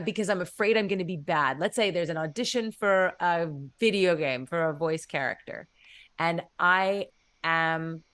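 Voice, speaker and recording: A woman's voice: lowish voice, a bit bright, no room sound. Woman, casual advice stream, earnest, rambling, dry mic. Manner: earnest, rambling, acts out her own inner thoughts. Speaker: streamer giving advice, voice actor.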